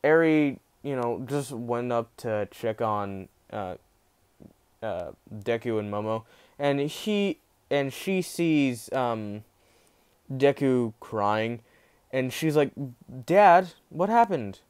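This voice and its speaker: Slow, rambling young man telling a story. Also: mid-range voice, animated, darkish tone, clean tone. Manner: rambling, many fillers and restarts, acts out quotes. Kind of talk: casual spoken fan-fiction retelling.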